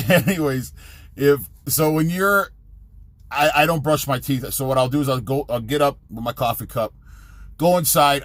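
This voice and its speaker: A middle-aged man, a truck driver, rambling casually and profanely in his own vlog, jumping from topic to topic. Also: fairly low pitch.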